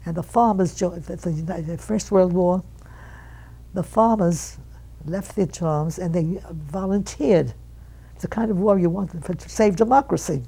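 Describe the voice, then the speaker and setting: 100 yr old lady telling family stories, gravelly and dark, does the voices of her relatives. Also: medium pitch, rough recording. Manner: animated storyteller who acts out quoted relatives. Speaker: interviewee. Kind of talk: reminiscing storytelling.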